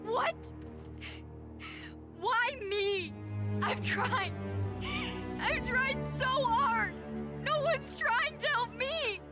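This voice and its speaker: A woman's voice: very high-pitched, very slow, pauses often, heavily acted. A woman voicing a young girl who is searching for her lost cousin, pleading and anxious. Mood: desperate. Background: loud game music.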